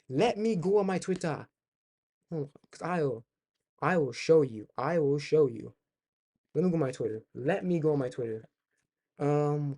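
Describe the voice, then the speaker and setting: Young male streamer, swearing reaction commentary, warm low timbre, loops phrases. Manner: ranting, profane, repeats himself.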